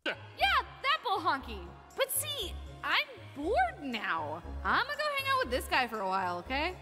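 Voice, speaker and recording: A woman playing a very high, bubbly, flippant young princess. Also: huge pitch swings, a little slow, exaggerated voice. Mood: bored. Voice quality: casual slangy talk. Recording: reverberant with background music.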